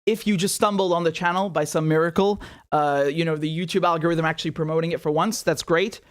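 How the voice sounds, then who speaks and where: High-voiced man ranting on a livestream. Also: quick pace. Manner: animated, exasperated ranting with sarcastic asides. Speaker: host of political commentary show. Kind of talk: livestreamed political commentary.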